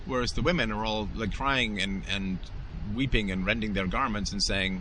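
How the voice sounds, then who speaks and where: A man's voice: fairly low pitch, moderate pace, few pauses, pushed and bright, slight background noise. A middle-aged man hosting a show, delivering an emphatic, opinionated monologue in a lecturing manner. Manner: emphatic, lecturing, acts out quoted voices. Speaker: podcast host.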